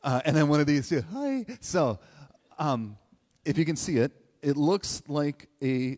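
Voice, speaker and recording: A middle-aged man giving a live motivational talk, conversational and animated, often asking questions and tagging "right?". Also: fairly high pitch, a little slow. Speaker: motivational speaker. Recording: long hall reverb.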